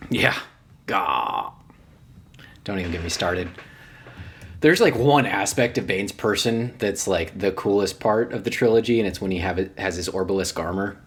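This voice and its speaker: A man's voice: on the low side, normal speed, husky. A man co-hosting a podcast, laid-back and casual, mostly giving short replies. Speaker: podcast co-host. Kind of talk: casual chat.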